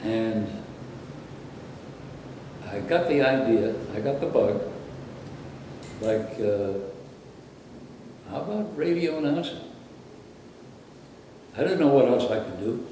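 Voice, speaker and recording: An older man from Brooklyn tells rambling stories of his working life in a mellow, relaxed voice. He sits back from the microphone in a very echoey room, and a faint hum lies underneath. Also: mid-range voice, recorded from a distance. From Brooklyn, New York. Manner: rambling, anecdotal, conversational. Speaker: interviewee, former radio announcer. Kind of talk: reminiscing interview.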